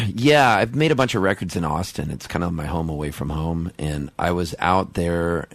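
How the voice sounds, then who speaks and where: A middle-aged man, a musician guest in a casual radio interview, talking in an excitable, rambling way with quick restarts. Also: low-pitched, dry recording.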